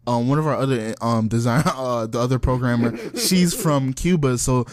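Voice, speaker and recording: A young man co-hosting a podcast, telling a story in casual chat with animated, profane slang and frequent laughter. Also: mid-range voice, moderate pace, crowd noise. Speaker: podcast co-host.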